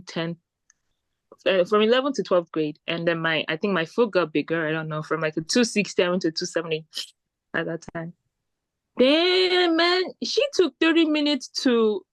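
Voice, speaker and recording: A woman from Nigeria, co-hosting a podcast and telling stories in an animated, casual way. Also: on the low side, no room sound. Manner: animated storytelling. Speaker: podcast co-host. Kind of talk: casual chat.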